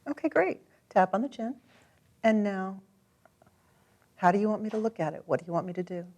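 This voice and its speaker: A woman leads a tapping session with calm encouragement. Her voice sits in a middle range. She gives instructions gently and steadily. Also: medium pitch, brisk. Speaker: tapping coach. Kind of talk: guided coaching session.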